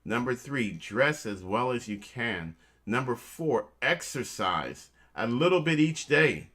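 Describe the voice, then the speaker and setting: A man hosts a relaxed chat show with a playful, teasing streak, cracking jokes one moment and giving earnest motivational advice the next. His pitch sits in an ordinary middle range, and he keeps addressing listeners as family. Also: slow. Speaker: host.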